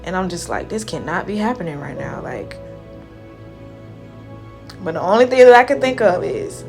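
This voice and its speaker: A young woman hairstylist talking casually to the camera in a vlog, retelling events in an emotional, chatty way and often trailing off softly. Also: lowish voice, animated, moderate pace, gravelly, soft background music. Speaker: hairstylist vlogger.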